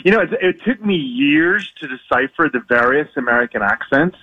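A man's voice: medium pitch, expressive, brisk, phone-quality sound, a crowd in the background. A man with an Irish accent, an author guest talking chattily about his book in a radio interview from his apartment. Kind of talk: radio interview by remote line.

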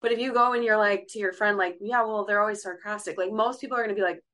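A woman's voice: medium pitch, fairly even intonation, quick pace, a bit bright. A woman hosting a podcast, responding to her guest in a reflective, affirming way. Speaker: podcast host. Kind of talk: conversational podcast chat.

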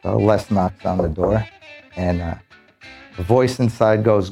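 A man, a police officer, telling an animated story and acting out the voices of the people in it. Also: low-pitched, measured pace, faint music behind.

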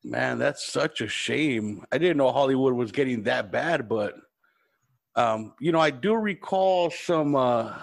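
A man's voice: mid-range voice, expressive, measured pace, creaky. Laid-back, chatty podcast host man. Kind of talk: casual podcast conversation.

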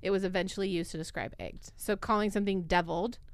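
A woman's voice: medium pitch, steady tone, fast, dry recording. A woman co-hosting a snack podcast, chatting casually and rambling through long explanations. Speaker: podcast co-host. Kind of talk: casual chat.

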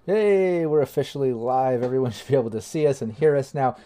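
A man's voice: mid-range voice, brisk, dark tone. A man hosting a live tabletop game stream as game master, upbeat and rambling with lots of fillers. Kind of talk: casual livestream chat.

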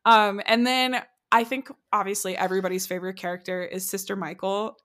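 A woman's voice: mid-range voice, steady tone, brisk, fairly bright tone. A woman co-hosting a podcast, recapping a TV show in casual, giggly chat full of fillers. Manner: chatty and giggly, many "like"s. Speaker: podcast co-host.

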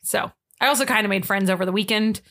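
A woman's voice: mid-range voice, fast talker, fairly bright tone. A young woman co-hosting a podcast, telling a story in casual chat, full of "like" and laughter. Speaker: podcast co-host.

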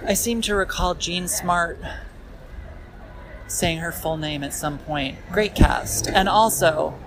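A man strolls down a city sidewalk and talks into his phone in an unhurried, meandering monologue. He keeps circling back with fillers and self-deprecating asides. Clear street noise runs under his voice. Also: on the high side. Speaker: podcast host walking and talking. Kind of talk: rambling walk-and-talk monologue. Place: outdoors on a busy city street, walking. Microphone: phone held while walking.

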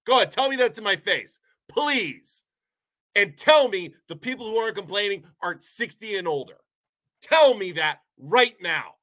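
A man's voice: high voice, animated, moderate pace, pushed and bright. A man from Ohio delivering a heated, sarcastic rant as a local commentator, sounding a bit sick. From Poland, Ohio, USA. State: sick, unwell. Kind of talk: ranting monologue.

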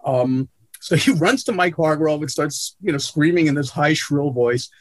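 A man with a voice on the high side and lively intonation tells casual stories as a guest in a video-call interview. He's a sportswriter, and his tales are blunt, profane, and self-deprecating, delivered at a moderate pace on a dry recording.

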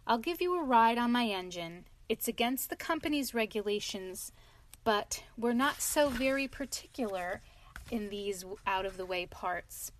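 A woman's voice: a little high, animated, a little slow, slight background noise. A woman doing a kindly old-fashioned engine driver. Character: kindly, plain-spoken male train driver. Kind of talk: storybook reading.

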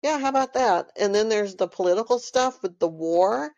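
Texan lady rambling on her podcast, lots of ums, mid pitch, dry close mic. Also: lively intonation, normal speed, darkish tone, dry recording, dull audio. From Texas. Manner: rambling, emphatic, with frequent fillers. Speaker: podcast host. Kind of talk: casual solo talk.

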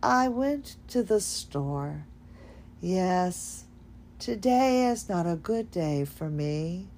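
A woman doing a slow, halting older lady. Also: fairly low pitch, lively intonation, slight background noise, full character voice. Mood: weary. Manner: slow, hesitant, soft-spoken.

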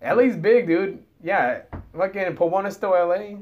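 A man's voice: high voice, normal speed, lo-fi sound. Teasing man. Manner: teasing, profane slang. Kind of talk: casual chat.

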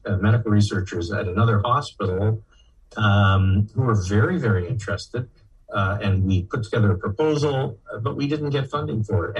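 An older man answering interview questions in a measured way, with hesitations and fillers. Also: on the low side, far from the mic, a little hiss or hum, low-quality recording. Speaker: guest researcher.

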